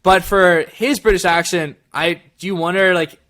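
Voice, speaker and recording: A man with a slightly higher voice chats loosely as co-host of a review show. He laughs a lot and rambles in an animated way. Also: measured pace. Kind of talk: casual review chat.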